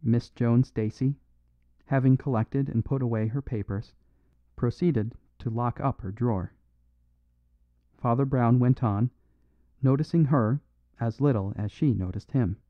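A man reading a mystery audiobook in an even, measured way. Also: medium pitch, dry recording. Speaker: audiobook narrator. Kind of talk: scripted audiobook narration. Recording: dry phone-like narrow sound.

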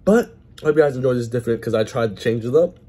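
Casual male vlogger, average pitch, phone-camera sound, excitable sports fan who swears and talks with his mouth full. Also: quick pace.

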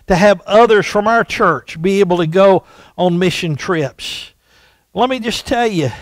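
Male pastor preaching in church. High voice, slow and emphatic delivery, dry close sound. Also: dry recording. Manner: emphatic, repeats rhetorical questions. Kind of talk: sermon. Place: church sanctuary.

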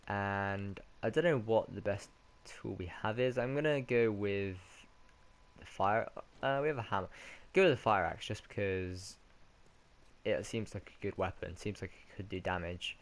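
A man's voice: on the low side, a little slow. A man with a British accent giving casual let's-play commentary, rambling and correcting himself as he goes. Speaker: gaming commentator.

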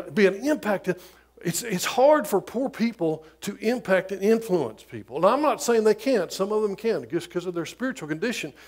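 A middle-aged man preaching a sermon as pastor, emphatic, moving between loud declarations and quiet asides. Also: sits high.

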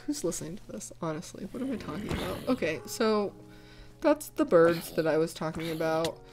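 A woman's voice: on the low side, expressive, brisk, darkish tone. A young woman chatting casually and rambling as she answers viewer comments, laughing often. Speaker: gaming channel host.

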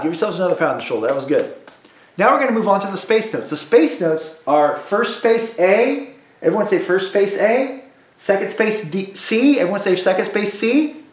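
A music teacher drilling students through call-and-response practice, patient and repetitive. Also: male voice, sits high, echoey room. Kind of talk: recorded music lesson for students.

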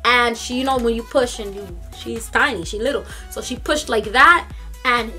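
A young woman vlogger telling a story in a casual, animated, slangy way from a room in her parents' home. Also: a little high, moderate pace, soft background music.

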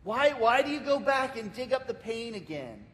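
An American man preaching a sermon as pastor, telling a story with lots of repeated words and restarts. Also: moderate pace. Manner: lively storytelling, acting out the people in it. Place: church sanctuary. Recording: reverberant church hall, faint rumble.

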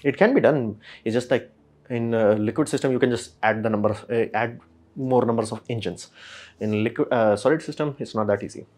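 A man, casually explaining rocket industry news as a channel host and acting out quick imagined exchanges. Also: mid-range voice, a little mellow. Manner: rapid, filler-heavy, acts out imagined dialogue.

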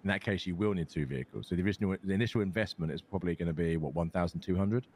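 Deep-voiced British man in role-play banter. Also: rapid-fire, a little mellow, husky. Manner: matter-of-fact, swears casually, laughs easily. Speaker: game streamer in role-play. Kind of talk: in-character role-play chat.

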